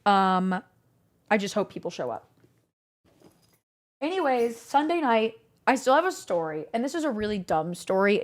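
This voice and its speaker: A woman's voice: medium pitch, big pitch swings, moderate pace, long pauses. A young adult woman streamer telling a story to her chat in a rambling, candid way, with lots of "like" fillers and casual swearing.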